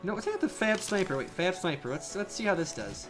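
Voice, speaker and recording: A young man giving excitable live commentary on a survival game he is playing, with frequent outbursts and laughs. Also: high-pitched, quick pace, hardly any pauses. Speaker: gaming channel host. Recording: faint game music behind.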